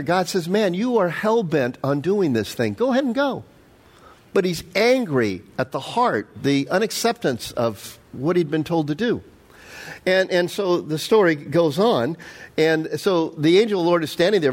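A middle-aged male pastor preaching a sermon, animated and storytelling, acting out the quotes. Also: on the high side.

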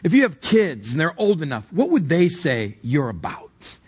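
A man's voice: a little high, huge pitch swings, normal speed, a little mellow, breathy edge. A male pastor delivering a sermon in a conversational, emphatic way, asking the congregation direct questions.

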